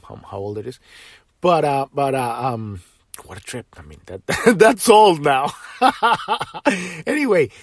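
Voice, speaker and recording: Lively, rambling male podcast host. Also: medium pitch, husky, no echo, studio quality. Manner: rambling, with many restarts and "right?" tags; swears freely. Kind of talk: casual spiritual talk.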